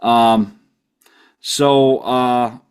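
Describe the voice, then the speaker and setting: A man's voice: medium pitch, steady tone, drawn-out words, clean tone. A man with a Pittsburgh accent co-hosting a casual sports podcast, rambling, laughing often and acting out silly bits of dialogue. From Pittsburgh area. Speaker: podcast co-host.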